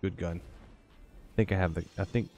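A man's voice: sits low, steady tone, unhurried, mellow, slight background noise. A tired man giving rambling, joking commentary to himself while playing a video game. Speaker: gaming YouTuber. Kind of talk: casual gameplay commentary.

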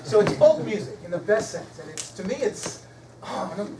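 A middle-aged guest speaker and musician delivers a storytelling lecture in a high-pitched voice at a moderate pace, animated and shifting between loud excitement and hushed emotion. He was recorded from far off in a roomy, echoey hall with background noise.

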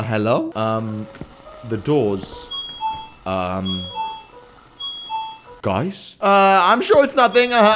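A man hosting a let's play, talking nervously to his viewers and stammering when spooked. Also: fairly high pitch. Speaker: gaming video host.

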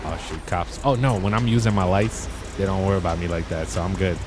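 A young man telling stories in a casual, slangy way while commenting on his gameplay, getting excited as he talks. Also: sits low, fast talker, over music. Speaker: gaming YouTuber.

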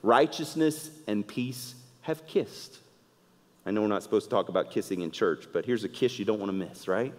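A man's voice: on the low side, normal speed. Man preaching in a reverberant hall. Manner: animated preaching that swings from loud emphasis to hushed asides. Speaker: pastor. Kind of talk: sermon. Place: church sanctuary.

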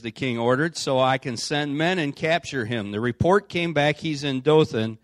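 A man's voice: medium pitch, moderate pace, dry recording, studio quality. A man preaching an informal sermon as a pastor, reading scripture aloud with casual asides. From United States. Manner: conversational, reads aloud with asides. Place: church.

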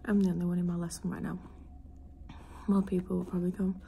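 Exasperated young woman rambling, gravelly. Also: fairly low pitch, flat delivery, fast, warm tone, a little hiss or hum. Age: young adult. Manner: rambling and exasperated, often dropping to a whisper. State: out of breath; tired. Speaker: vlogger. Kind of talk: casual vlog rant.

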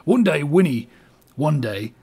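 A man voicing a cheery male mudlark in a bad put-on English accent, high and swooping. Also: very animated, unhurried, darkish tone, husky, exaggerated voice. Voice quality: high, sing-song, swooping.

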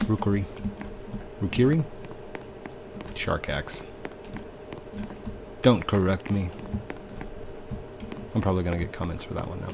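A man's voice: low-pitched, fairly even intonation, measured pace, vocal fry, long pauses, noisy background. A man casually commenting on his own gameplay as host, chatty and sighing at glitches. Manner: chatty, sighing, mildly exasperated. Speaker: gaming video host. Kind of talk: casual let's-play commentary.

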